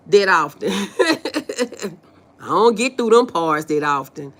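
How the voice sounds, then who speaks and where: There are long pauses as this woman, lowish-voiced and speaking at a moderate pace, hosts a casual livestream in her Southern US accent. She reads viewer comments out loud and responds with animated, folksy playfulness, laughing often.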